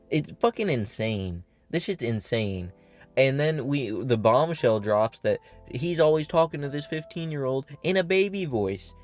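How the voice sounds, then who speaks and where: A man hosting a commentary video, talking casually in a blunt, exasperated, profanity-laced way. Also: mid-range voice.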